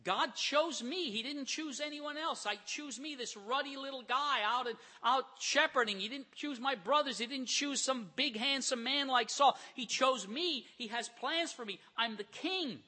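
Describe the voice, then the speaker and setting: A man's voice: very high-pitched, moderate pace, few pauses, bright, forceful tone, voice pushed up, full character voice. A man acting out a proud, self-justifying king in a sermon, boasting about being chosen. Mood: boastful. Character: proud scheming biblical king, adult man.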